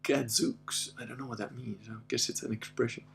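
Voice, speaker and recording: A man's voice: mid-range voice, level tone, quick pace, vocal fry, a little hiss or hum. A middle-aged man hosting a casual livestream, rambling through stories with frequent laughs and reading viewer comments. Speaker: host.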